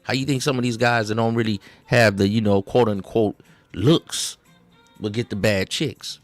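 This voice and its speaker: In a dry recording with faint background music, a lowish male voice with fairly even intonation talks at normal speed. He hosts satirical commentary over clips, rambling, stumbling into restarts, repeating "see," and using Southern slang with a drawl.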